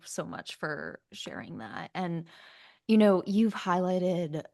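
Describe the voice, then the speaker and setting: A woman's voice: deep voice, vocal fry, no room sound, studio quality. A woman hosting a podcast interview, asking attentive questions. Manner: attentive, gives short affirmations. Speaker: podcast host.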